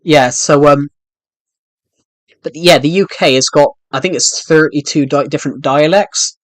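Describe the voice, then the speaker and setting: A man's voice: a little high, unhurried, dry recording. A young British man chatting casually while streaming a game, rambling with frequent restarts. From United Kingdom. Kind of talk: casual live-stream chat while playing.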